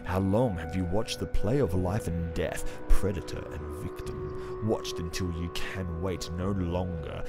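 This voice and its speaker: A man doing a dramatic reading as a brooding male comic-book narrator, slow, solemn and theatrical. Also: sits low.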